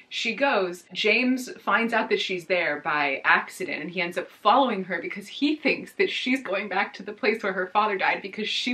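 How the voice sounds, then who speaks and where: Young woman gushing about a book on her vlog, bright sharp voice, super emotional, laughs a lot. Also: mid-range voice. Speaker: book vlogger. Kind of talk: casual chat recapping a book.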